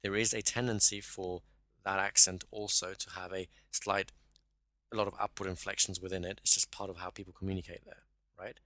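A man coaches a caller through exercises in a one-to-one session. His voice sits a little low but sounds bright and forward. The sound is dry and close, with no room around it. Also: flat delivery, fairly quick, no echo. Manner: instructive, checks in with "right?".

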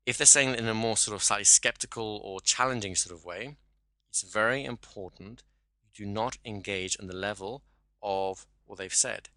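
A man's voice: fairly low pitch, normal speed, sharp tone, no room sound. A man teaching a hypnosis class, explaining and acting out sample dialogue. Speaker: hypnosis trainer.

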